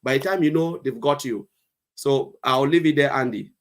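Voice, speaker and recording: A man's voice: mid-range voice, normal speed. A man co-hosting an online talk, giving earnest advice and retelling conversations as he goes. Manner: earnest, storytelling with quoted exchanges. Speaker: co-host.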